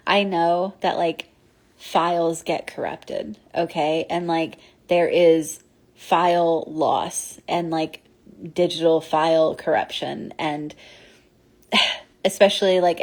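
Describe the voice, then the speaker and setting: A woman recounts a ghost encounter in loose, meandering speech. Her voice sits slightly low, and she keeps stopping for fillers and restarting her sentences. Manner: rambling, many fillers and restarts. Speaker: podcast host. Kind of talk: casual storytelling.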